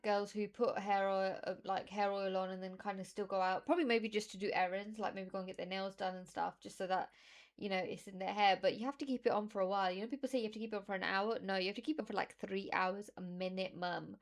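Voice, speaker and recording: A woman's voice: medium pitch, fairly even intonation, fast talker. A British woman streaming from a room at home, chatting casually in a rambling, self-deprecating way. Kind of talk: casual livestream chat.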